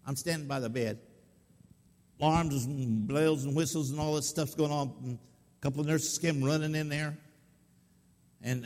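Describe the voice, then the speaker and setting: A man's voice: mid-range voice, darkish tone. A male pastor telling a story in a sermon, folksy and conversational, often putting questions to his listeners. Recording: long reverb of a hall.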